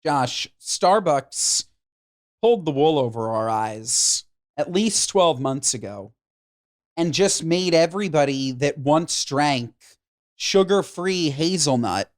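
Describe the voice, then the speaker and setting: A man co-hosting a podcast in casual chat, talking with animated enthusiasm. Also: a little high, takes it slowly, no room sound, clean studio sound. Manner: animated, enthusiastic about food. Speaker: podcast co-host.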